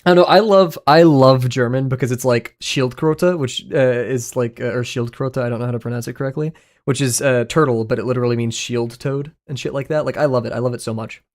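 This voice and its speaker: A man's voice: medium pitch, fairly even intonation, brisk. A man streaming live, rambling through casual commentary, swearing freely, joking and laughing often.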